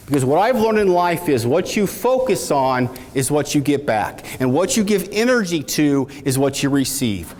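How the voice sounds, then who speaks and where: A man on stage delivering a motivational keynote, his slightly high voice swinging widely in pitch as he tells a story. He talks to the crowd and asks them to repeat after him. The sound carries a long reverb from a large hall. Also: moderate pace. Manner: animated storytelling with audience call-outs. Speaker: keynote speaker.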